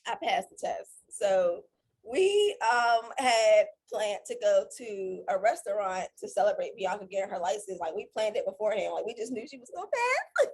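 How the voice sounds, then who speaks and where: A woman's voice: medium pitch, sing-song, moderate pace, darkish tone, slightly rough. A woman co-hosting a casual storytime chat, rambling and interrupting herself as she tells her side. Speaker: co-host.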